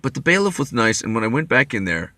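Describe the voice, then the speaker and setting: A man's voice: mid-range voice, sing-song, quick pace, sharp tone, dry recording. A man telling a long, rambling story to camera, profane and wry. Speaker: vlogger. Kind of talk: rambling monologue.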